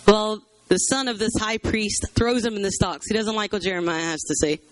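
High-voiced man teaching the Bible. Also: steady tone, moderate pace, no room sound. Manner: conversational, chatty, fills with "you know" and "um". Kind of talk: informal Bible teaching to a church group.

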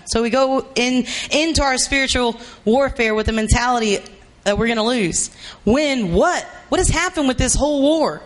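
A man preaching a sermon, emphatic and repetitive, rising to shouts for emphasis. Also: very high voice, moderate pace.

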